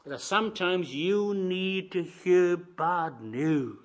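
An older preacher with a high voice takes his sermon slowly, moving from quiet side remarks to loud, emphatic declarations. He also acts out imagined dialogues, voicing both sides.

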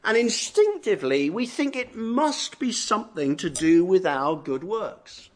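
A man with a noticeably high voice delivers an expository sermon. He explains earnestly and now and then acts out imagined conversations with listeners. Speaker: preacher.

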